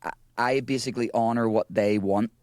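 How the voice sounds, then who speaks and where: A man, a guest musician, talking in a relaxed, rambling way with frequent restarts over a video call. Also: fairly low pitch, fairly quick, dry recording, clean studio sound. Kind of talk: casual chat.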